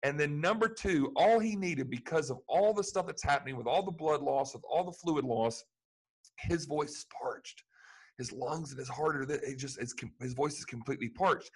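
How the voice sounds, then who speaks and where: A man's voice: fairly high pitch, normal speed, slightly rough, low-quality recording. A man preaching a sermon, earnest and building to emphatic peaks. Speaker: pastor.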